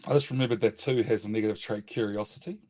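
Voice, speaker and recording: A man's voice: on the low side, steady tone, quick pace, a little mellow. A man playing in a tabletop game, chatty and easy, laughing often. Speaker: player. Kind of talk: casual tabletop play.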